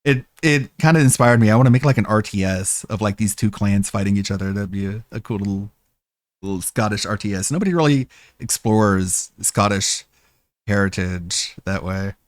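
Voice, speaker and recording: A man talking through a live stream in a rambling, amused way, his voice on the low side. The sound is close and dry, with no room to it. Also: moderate pace, dry recording. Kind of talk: casual stream chat.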